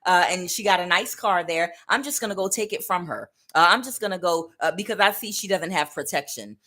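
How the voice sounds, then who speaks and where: Give me a woman doing a scheming young man, cocky and a bit low-voiced. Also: expressive, brisk, sharp tone. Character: brash young man planning to steal a car.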